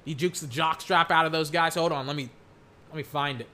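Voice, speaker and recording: A young man chatting about football while watching game clips, rambling and excitable, breaking into mock play-by-play calls. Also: on the high side, brisk.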